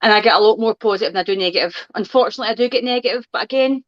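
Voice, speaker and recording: A woman's voice: medium pitch, racing, dull audio. Firm woman answering criticism. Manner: firm, defends herself with rhetorical questions. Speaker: guest. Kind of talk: answering criticism on a chat show.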